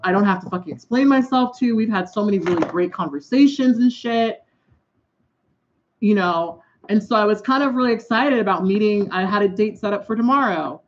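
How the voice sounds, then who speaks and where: A woman's voice: medium pitch, muffled recording. A woman vlogging in a casual, exasperated way. She swears heavily and talks while she puts on her eyeliner. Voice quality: heavy swearing, exasperated and blunt. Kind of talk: casual venting vlog.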